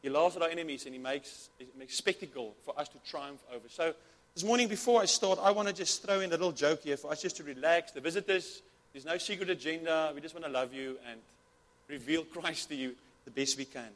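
A high-pitched male pastor preaching a sermon with fervent energy. He stumbles and repeats himself as he goes, in an earnest, heartfelt delivery. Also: brisk. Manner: fervent, repetitive, many restarts.

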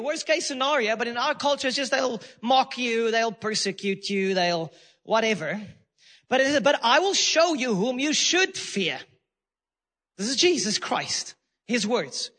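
A man delivering a sermon in a strikingly high, bright and forceful voice. He preaches emphatically, swinging from loud declarations to quieter asides, with laughs between points. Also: moderate pace, long reverb tail. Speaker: pastor.

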